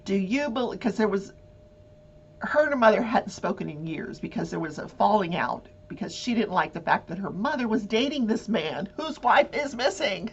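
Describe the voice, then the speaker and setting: A woman hosts a casual true-crime talk, animated and quick to act out the people she describes. Her voice is husky and moves lively up and down. The recording sounds dull and lo-fi. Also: mid-range voice. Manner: animated, acts out voices and swears. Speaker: talk show host.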